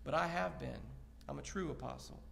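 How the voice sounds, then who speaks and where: A man's voice: medium pitch, brisk, creaky, a bit bright. A man preaching an evening Bible lesson, earnest and posing rhetorical questions as he paraphrases scripture. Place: church sanctuary. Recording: long reverb of a church hall.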